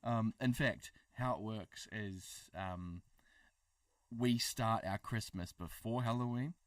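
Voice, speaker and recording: A New Zealand man chats on a livestream in a lowish voice, rambling and full of fillers. He sounds a little way off the mic, in a dry room. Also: slow pace, dry recording, far from the mic. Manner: joking, rambling, lots of fillers. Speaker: co-host of a livestream. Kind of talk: casual chat.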